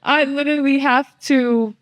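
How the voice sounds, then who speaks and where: Teen girl, high voice, dry mic, bubbly and filler-heavy, jokey asides. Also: fairly even intonation, normal speed, no room sound, dull audio. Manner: playful, filler-heavy, acts out talking to herself. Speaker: daughter, guest. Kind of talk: casual chat.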